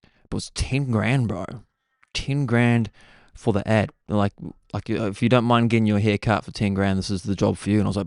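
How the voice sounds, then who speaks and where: Excitable young Kiwi man, low voice. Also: moderate pace, no echo, studio quality. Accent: New Zealand. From New Zealand. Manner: excitable, says "bro" constantly. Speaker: podcast host. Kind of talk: casual storytelling chat.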